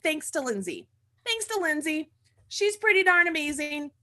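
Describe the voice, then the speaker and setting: A woman's voice: sits high, very animated, moderate pace, pushed and bright. A woman hosting a casual livestream chat, gushing and repeating herself. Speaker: host.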